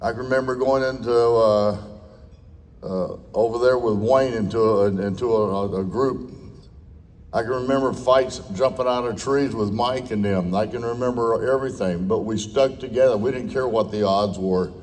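A man's voice: medium pitch, moderate pace, darkish tone. An older man with a twang speaks off the cuff at a dinner, blunt and folksy, with the odd curse word. His voice sits in a medium register and carries a long reverb from the large hall. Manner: blunt, folksy, salty with mild cursing.

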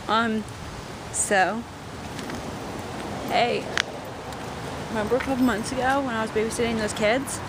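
A woman's voice: on the high side, very noisy. A young woman talking casually to her camera, rambling with lots of fillers. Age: young adult. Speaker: vlogger. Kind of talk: casual vlog chat.

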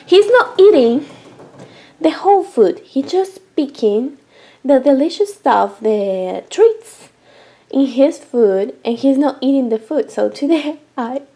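A woman's voice: sits high, animated, takes it slowly, warm tone, husky. A woman vlogging casually as a vet tech, chatty, laughing often and talking to her cat. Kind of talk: casual vlog chat.

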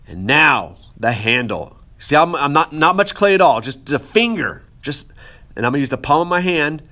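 A man's voice: medium pitch, a bit bright. A man teaching pottery, casually talking the viewer through each step of shaping clay, with playful asides to his students. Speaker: art teacher.

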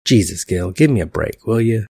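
Guy reading a smug weatherman dude in his 30s, gravelly dry delivery. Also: lowish voice, lively intonation, normal speed, warm tone, no room sound, exaggerated voice. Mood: sardonic. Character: smug, cynical male TV weatherman in his thirties.

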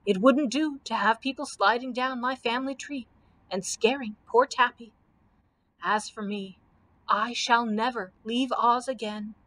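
A jittery straw scarecrow frets over every danger, as a woman reading aloud puts him on. He sounds a little high and hurried in this storybook telling. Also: fairly bright tone. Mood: grave. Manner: anxious, hurried lines. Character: nervous male scarecrow made of straw.

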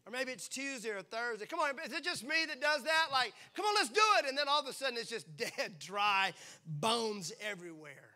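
High, bright, animated preacher man. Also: brisk. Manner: animated, playful, acts out little voices. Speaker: pastor. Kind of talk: sermon. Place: church.

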